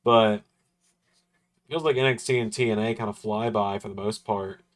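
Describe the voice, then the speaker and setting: A man with a lowish voice hosts a wrestling watch-along stream. He talks casually and loosely, drifting from point to point with a chuckle here and there. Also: fairly even intonation, normal speed. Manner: rambling, laid-back, chuckles now and then. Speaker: livestream host.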